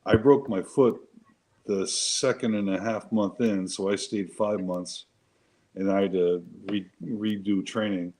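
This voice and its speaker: Low-voiced man cursing his way through stories. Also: steady tone, a little slow, darkish tone, poor audio. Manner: profane, emphatic, rambling with restarts. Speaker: show co-host, Marine veteran. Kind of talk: casual chat, storytelling.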